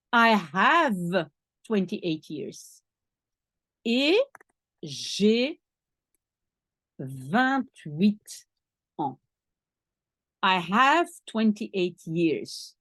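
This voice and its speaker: A woman's voice: mid-range voice, dry recording, clean studio sound. A woman teaching a French lesson in English, explaining patiently step by step and spelling out each French word. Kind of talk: language lesson.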